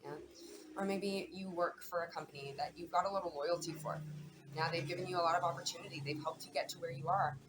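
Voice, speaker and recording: Low-pitched woman reading tarot to camera, rapid and repetitive, faint noise behind. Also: fairly even intonation. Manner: chatty, warm-hearted, repeats words. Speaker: tarot and astrology reader.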